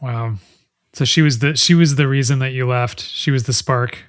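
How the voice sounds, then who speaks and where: A male podcast host asks thoughtful follow-up questions, often rephrasing them as he speaks. His voice sits at a middle pitch and sounds dry and close, with no room echo. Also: steady tone, normal speed, clear, resonant tone. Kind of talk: interview questions.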